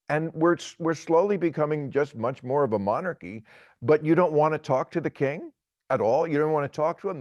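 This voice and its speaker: A man in his sixties giving opinionated political talk, halting and repeating words, then pressing his point emphatically. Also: on the high side, no echo, dull audio. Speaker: guest commentator.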